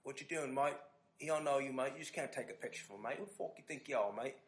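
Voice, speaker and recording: A man's voice: medium pitch, quick pace, natural voice. A man voicing an aggressive British man who guards a boxer, speaking with a British accent and calling everyone mate. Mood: hostile. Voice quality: clipped, calls everyone mate.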